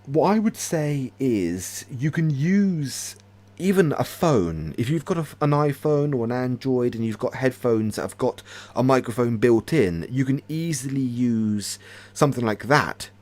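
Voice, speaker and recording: A man hosting a casual livestream, answering viewer questions in a hesitant way with many pauses and fillers. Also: medium pitch, lively intonation, a little mellow. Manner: hesitant, with frequent ums. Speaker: ASMR creator hosting a livestream. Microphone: desk USB microphone.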